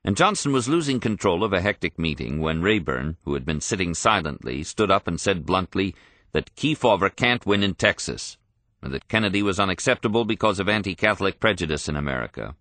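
A man reading a history audiobook in a measured, even storytelling manner. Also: deep voice, no room sound. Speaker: narrator. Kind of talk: scripted audiobook narration.

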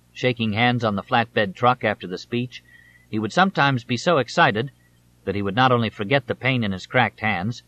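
A man narrating an audiobook in a measured, steady reading style, in a slightly dull audiobook recording. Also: lowish voice. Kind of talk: scripted narration.

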